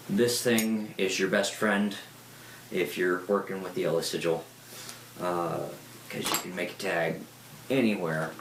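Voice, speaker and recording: A man's voice: low voice, a little hiss or hum. A man giving a casual, rambling talk, telling stories and swearing freely. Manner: rambling, profane, lively storyteller. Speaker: speaker. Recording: roomy echo.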